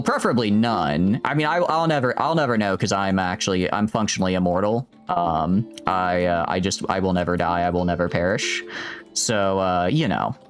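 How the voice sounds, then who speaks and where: A man streaming a game, rambling and joking with his chat in casual gameplay commentary. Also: low voice. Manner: rambling, jokey, talks to chat.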